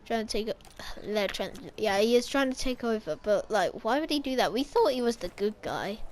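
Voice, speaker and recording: A woman's voice: on the high side, lively intonation, normal speed. A woman talking casually about game lore, rambling and correcting herself as she speculates. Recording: game gunfire playing behind.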